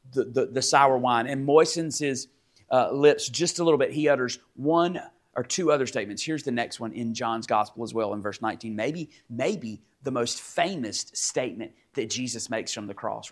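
A male pastor preaching a sermon, animated and teaching, with sudden loud emphatic rises and frequent restarts. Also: medium pitch, moderate pace. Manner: many repeated restarts and fillers. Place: church sanctuary.

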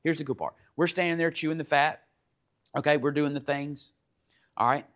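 Man, 30s, sermon, emphatic, repeats points, slightly high voice. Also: steady tone, moderate pace. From Middle Georgia, US. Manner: emphatic, repeats points, drops to a hush in stories. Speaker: pastor. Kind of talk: sermon with storytelling.

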